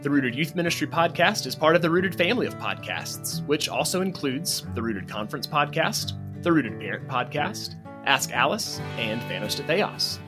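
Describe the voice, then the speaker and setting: A man's voice: on the high side, expressive, normal speed, few pauses, music in the background. A man hosting a podcast interview, friendly and lightly joking with his guests. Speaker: podcast host.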